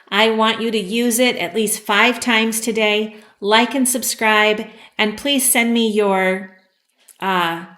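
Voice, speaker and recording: A woman explains English words at a slow, careful pace and pauses now and then with an "um". Her voice sits at an ordinary middle pitch. It is recorded in a noticeably echoey room. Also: fairly bright tone. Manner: slow, patient explaining with fillers. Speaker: English teacher. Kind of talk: vocabulary lesson.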